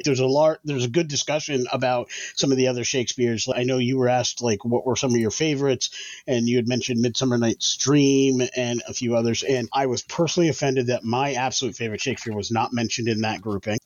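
A man's voice: mid-range voice, no room sound. Eager man host, dull dry sound. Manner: rambling, eager questions. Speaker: podcast host. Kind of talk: casual interview chat.

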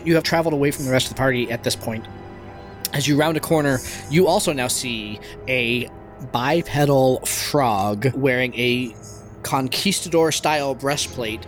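A man's voice: mid-range voice, a bit bright. A man running a tabletop game as game master, narrating the scene in a casual, rambling way with self-corrections.

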